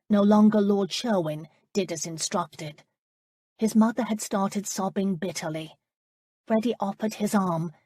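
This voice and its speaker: A woman narrating an audiobook in an even, measured reading. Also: mid-range voice, slightly rough, no room sound, clean studio sound. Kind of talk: scripted narration.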